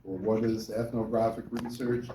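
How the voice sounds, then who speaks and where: A man's voice: fairly low pitch, level tone, normal speed, mellow, a little hiss or hum. A male university lecturer giving a class lecture, talking with students and often checking in with "right?". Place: lecture hall. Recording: echoey classroom from far off.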